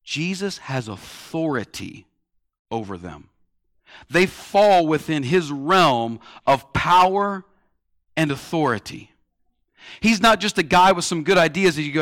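A man in his thirties delivers a sermon with a slightly higher voice than most men. He moves between raised, urgent lines and quiet, hushed ones as he tells his stories. The recording is close and dry, with almost no room sound. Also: lively intonation, a little slow, dry recording. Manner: storytelling preacher, swings from loud to hushed. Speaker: pastor.

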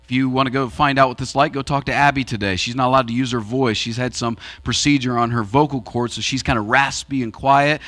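A pastor preaching a sermon in a church auditorium, swinging between raised and hushed delivery. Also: male voice, medium pitch.

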